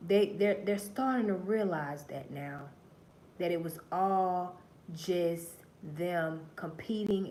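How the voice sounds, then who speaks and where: Woman host, lowish voice, profane and preachy livestream monologue that drops to murmurs and then rises to loud bursts, faint hiss behind. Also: unhurried. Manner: profane, preachy storytelling addressing viewers as y'all; swings between low murmurs and loud emphatic bursts.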